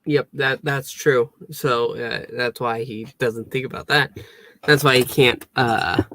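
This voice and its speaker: A man co-hosting a casual review show, talking in an unhurried way with hesitant fillers. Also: mid-range voice, fairly even intonation, sharp tone. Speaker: podcast co-host.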